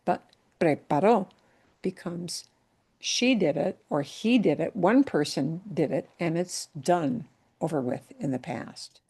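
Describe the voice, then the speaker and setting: A woman's voice: fairly low pitch, expressive, slow, darkish tone, breathy edge. A woman teaching a Spanish class, who explains patiently, repeats words with the stress on the right syllable and keeps checking in with "yeah?" and "okay?". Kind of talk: online language class.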